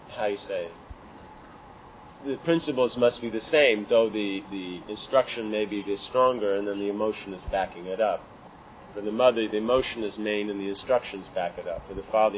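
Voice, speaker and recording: A man giving an informal scripture class. He speaks haltingly, restarting phrases and tagging lines with "you know". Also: fairly low pitch. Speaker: religious teacher. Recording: dull lo-fi with faint ambient hiss.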